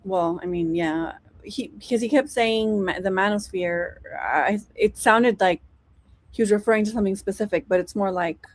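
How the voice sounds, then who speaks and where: A woman's voice: medium pitch, moderate pace, no echo. Woman thinking aloud on a panel. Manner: questioning, thinks aloud with restarts. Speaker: panel guest. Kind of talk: casual podcast panel.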